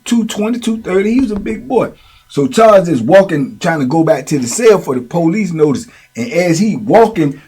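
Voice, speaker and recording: A middle-aged man telling prison stories in a slangy, animated way. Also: on the high side, husky. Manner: slangy, animated, lots of "you know what I'm saying". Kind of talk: casual storytelling.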